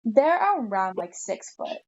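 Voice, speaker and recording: A woman's voice: mid-range voice, lively intonation, measured pace, a little mellow. A woman narrating as game master, casual and full of fillers. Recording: dull lo-fi mic.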